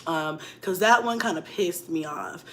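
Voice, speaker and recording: A young woman vlogger telling a story in casual chat, laughing often and swinging between loud bursts and hushed asides. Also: lowish voice, unhurried, a little hiss or hum.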